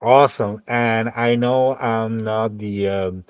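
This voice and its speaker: A man's voice: lowish voice, steady tone, takes it slowly, smooth, dry recording. A man from Mexico with a Mexican Spanish accent, hosting a podcast and chatting hesitantly as he searches for words. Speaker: podcast host. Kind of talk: casual chat. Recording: dull dry mic.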